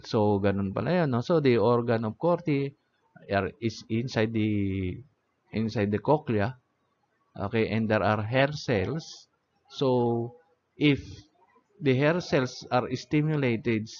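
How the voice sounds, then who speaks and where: A man teaching an anatomy lecture, often checking in with "okay?" and "no?". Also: mid-range voice. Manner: repeats "okay?" and "no?" checking on listeners. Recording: dull lo-fi audio.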